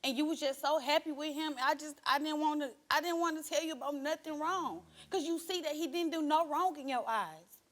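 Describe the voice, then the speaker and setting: A woman's voice: sits high, brisk, hardly any pauses. A young woman appearing as a talk show guest, a reserved speaker defending herself to her friend. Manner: quiet and reserved, then raising her voice. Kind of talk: emotional talk show confrontation.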